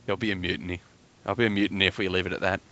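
A man with a fairly low but very bright, forceful voice, co-hosting a casual gaming podcast. He jokes around, laughs often and keeps steering the chat back on track. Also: flat delivery, rapid-fire, no room sound, muffled recording. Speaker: podcast co-host.

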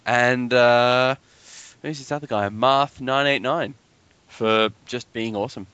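A man's voice: medium pitch, steady tone, slow pace, fairly bright tone, clear, resonant tone, no room sound, lo-fi sound. A man co-hosting a casual gaming podcast, joking around and laughing often. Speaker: podcast co-host.

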